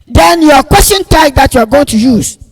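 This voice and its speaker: Man, grammar teacher, very high gravelly voice, slow repetitive delivery, loud emphasis on key words. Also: expressive. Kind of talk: classroom grammar lesson. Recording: long reverb, echoey room.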